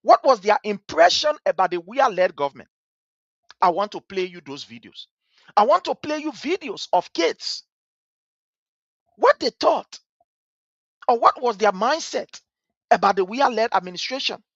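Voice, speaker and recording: A woman's voice: medium pitch, big pitch swings, moderate pace, pauses often, no room sound, dull audio. A woman hosting a political talk show, speaking in an emphatic, repetitive, sermon-like way. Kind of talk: political commentary monologue.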